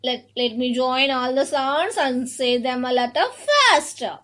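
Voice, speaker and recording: A woman teaching an online phonics class to young children, sounding words out slowly, repeating each one and calling the children "my dear children". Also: sits high. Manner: addresses children warmly as "my dear children".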